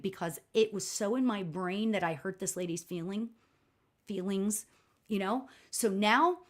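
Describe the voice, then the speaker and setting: A middle-aged woman hosting a live stream as a spiritual medium, telling a personal story in a chatty, expressive way with a loud voice. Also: medium pitch. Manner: chatty and expressive, frequent "right?" and laughs; self-described loud voice. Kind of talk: casual livestream storytelling.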